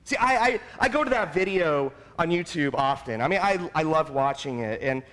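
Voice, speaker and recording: Earnest male pastor, lively slightly high voice, recorded in a reverberant church. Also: normal speed. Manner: earnest, personal and confessional. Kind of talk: sermon. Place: church sanctuary.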